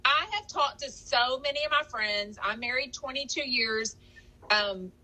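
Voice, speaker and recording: A woman from Texas in her forties, co-hosting a podcast in a chatty, gushing way with quick laughs. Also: sits high, pushed and bright, low-quality recording. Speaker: podcast co-host. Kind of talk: casual podcast chat.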